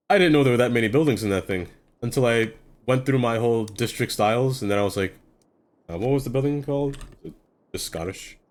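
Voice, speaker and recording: A man's voice: medium pitch, normal speed, pauses often. A man streaming live, chatting casually to himself as he builds in a game, rambling and trailing off into fillers.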